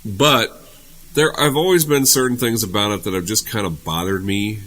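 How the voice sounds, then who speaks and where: Male co-host, low but bright voice, agreeable, faint background noise. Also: moderate pace, poor audio. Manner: agreeable, interjects with short replies. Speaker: podcast co-host. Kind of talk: casual political chat.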